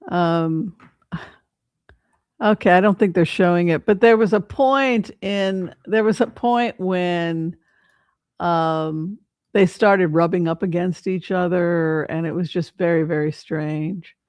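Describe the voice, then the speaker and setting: Brief: chatty tarot-reading host, meandering and halting, mid-pitched voice, dry close sound. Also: smooth, dry recording. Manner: rambling, hesitant, many fillers and restarts. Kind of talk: casual livestream commentary with tarot reading.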